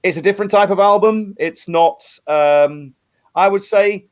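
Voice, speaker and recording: Earnest English man, somewhat high voice. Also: measured pace, faint music behind. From England. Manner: earnest, restarts and repeats words. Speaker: rock musician guest. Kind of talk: casual interview chat.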